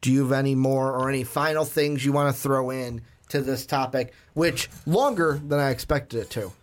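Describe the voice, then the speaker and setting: A man co-hosting a casual film podcast, animated and steering the talk, with frequent "um"s. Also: medium pitch, moderate pace. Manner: animated, steers the conversation with many "um"s. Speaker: podcast co-host. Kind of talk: casual chat.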